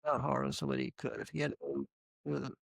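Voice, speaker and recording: A man being interviewed, casually telling lively anecdotes with frequent restarts. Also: mid-range voice, fast talker, vocal fry, no echo. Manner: animated, laughing anecdotes with acted quotes. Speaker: interview guest. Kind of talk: casual storytelling.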